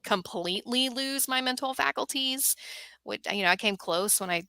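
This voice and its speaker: A middle-aged woman who hosts a podcast and runs workshops for moms, speaking as a guest in an earnest, animated way. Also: a little high, normal speed, creaky, no echo. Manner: earnest, animated storytelling with acted quotes. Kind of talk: guest on a talk show.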